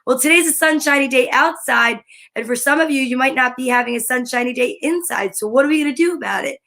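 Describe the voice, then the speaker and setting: A woman's voice: sits high, gravelly. Gushing, upbeat woman live-streamer. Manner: effusive, gushing, greets viewers by name; stretches out greetings slowly, sometimes drops to a soft whisper. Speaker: live-stream host and comedian.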